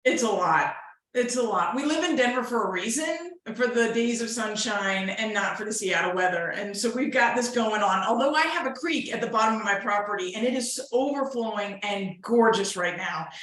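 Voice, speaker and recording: A woman's voice: medium pitch, moderate pace, fairly bright tone, slight background noise. A woman co-hosting a casual real estate webinar, chatty and upbeat. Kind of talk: casual market update webinar. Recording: very echoey room.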